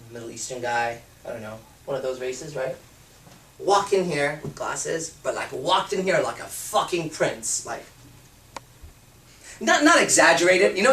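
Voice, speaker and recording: A man giving a blunt, profane and animated seminar talk as a dating and confidence coach. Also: medium pitch, echoey room, recorded from a distance. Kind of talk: seminar talk to a live group.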